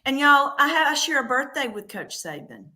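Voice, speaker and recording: Bright-voiced woman telling a story. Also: high voice, moderate pace. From American South. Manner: animated storyteller, drawling. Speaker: host. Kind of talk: casual chat.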